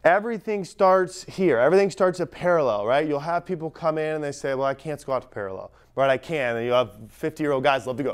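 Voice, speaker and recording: A young man coaching lifters on a gym platform, energetic and talking straight to the group, recorded on a camera mic as he moves around. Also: on the high side, quick pace, few pauses, clean tone. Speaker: strength coach. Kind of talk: live coaching demonstration. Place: gym platform at a lifting camp.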